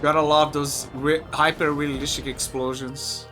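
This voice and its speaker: A man's voice: a little high, level tone, normal speed, pushed and bright, soft background music. A man streaming a game playthrough, playfully reading characters' lines in put-on voices.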